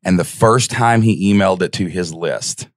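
A man guest on a podcast, telling his story in an excited, animated way, with big jumps in pitch when he acts out what people said. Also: moderate pace, no room sound, studio quality.

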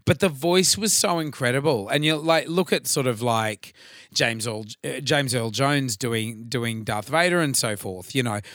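An Australian man talks in a loose, matey way, swearing freely and getting animated. His voice sits mid-range and sounds close and dry, with no room around it. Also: medium pitch, unhurried, dry recording. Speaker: podcast co-host. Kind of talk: casual chat.

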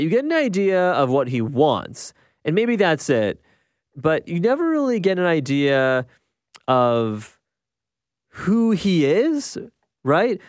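A young man talks through a film review in a loose, conversational way, often checking in with his listeners. His voice sits a little high and swings up and down with animation. The sound is dry and close, with no room around it. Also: no room sound. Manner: conversational, frequent tag questions, restarts. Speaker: podcast host reviewing films. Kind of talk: casual spoken film review.

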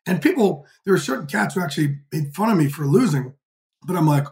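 A man in his fifties, a podcast guest telling lively, profane stories in a casual interview. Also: sits high, quick pace, creaky. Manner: energetic, profane, animated storyteller. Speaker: podcast guest, sports insider.

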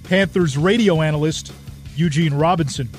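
A man's voice: on the high side, soft background music. Man narrating a sports documentary. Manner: measured, even storytelling delivery. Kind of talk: scripted narration.

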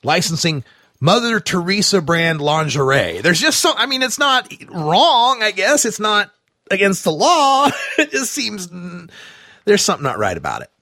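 A man hosting a talk radio show, delivering an animated, sarcastic monologue with plenty of fillers and asides. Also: high-pitched, moderate pace, dry recording, clean studio sound.

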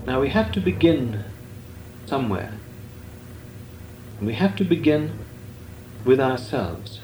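An older man, a Benedictine monk, giving a measured, deliberate talk on meditation with long pauses. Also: medium pitch, big pitch swings, darkish tone. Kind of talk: slow meditative spiritual talk. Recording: echoey room with faint noise.

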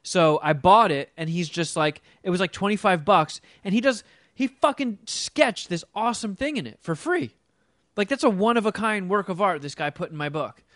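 A man's voice: sits high, expressive, normal speed, fairly bright tone, no room sound, clean studio sound. A man in casual chat, enthusiastic and gushing, swearing casually.

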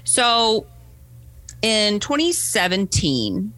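A woman speaks as a podcast guest, recounting a story with an animated voice that leaps up and down. She acts out the people she quotes and keeps checking in with her listener. The sound is close and dry. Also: medium pitch, extremely slow, no echo. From United States. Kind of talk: conversational storytelling.

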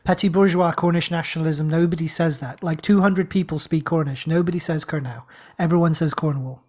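A man's voice: on the high side, steady tone, a little fast, darkish tone. A man co-hosting a podcast, teasing and exasperated in casual banter. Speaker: podcast co-host.

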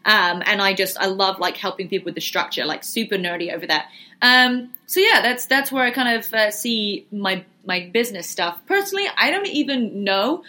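Bright-voiced chatty woman vlogger. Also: mid-range voice, normal speed. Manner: chatty, lots of fillers, answers viewer questions. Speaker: fitness and business vlogger. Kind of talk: casual livestream Q&A.

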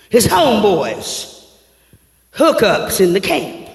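Brief: high, bright-toned male preacher, fervent and shouting, in an echoey church hall. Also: wildly swooping pitch, slow. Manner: fervent, shouting, slangy storytelling. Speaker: pastor. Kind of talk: sermon. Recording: echoey hall with long reverb.

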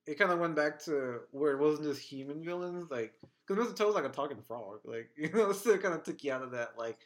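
A young man hosting a podcast, chatting casually in a relaxed, rambling way full of fillers. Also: on the high side, fairly quick. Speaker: podcast host. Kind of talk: casual chat.

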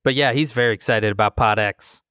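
A man's voice: mid-range voice, fairly quick, pushed and bright, clear, resonant tone, dry recording. A man in his forties co-hosting a casual podcast from his home basement, with dry, joking banter. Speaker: podcast co-host. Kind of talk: casual chat.

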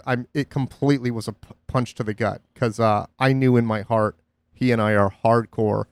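A man in a casual podcast chat, rambling and candid, often restarting his sentences. His voice sits at an ordinary middle pitch. The room sound is dry and close. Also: fairly even intonation, normal speed, smooth, no room sound. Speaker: podcast host.

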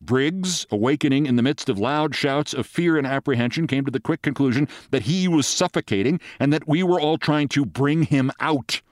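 A man hosting a podcast, reading a short story aloud in a lively storytelling manner. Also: moderate pace, hardly any pauses, no echo, studio quality. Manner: lively storytelling, jumps high for quoted shouts. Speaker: podcast host.

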